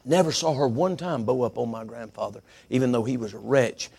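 A man's voice: mid-range voice, brisk, vocal fry, darkish tone, husky. A middle-aged man preaching a sermon, telling folksy stories and repeating words for emphasis.

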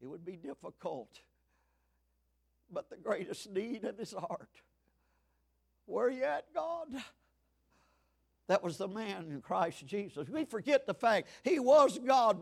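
A man in his seventies preaching a fiery sermon, swinging from shouts to hushed tones. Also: extremely high pitch. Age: 70s.

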